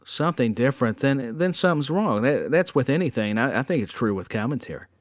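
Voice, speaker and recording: A man's voice: medium pitch, expressive, brisk, no echo, studio quality. A man co-hosting a casual wrestling podcast, friendly and teasing, stumbling on the first words of his sentences. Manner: friendly, teasing, stammers on starts. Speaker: podcast co-host. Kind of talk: casual chat.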